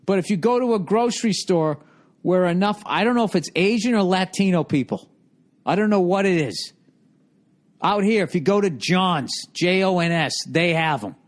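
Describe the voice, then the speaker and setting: A man's voice: high voice, animated, normal speed. Profane, rambling middle-aged man. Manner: sarcastic, exasperated. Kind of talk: casual comedic monologue.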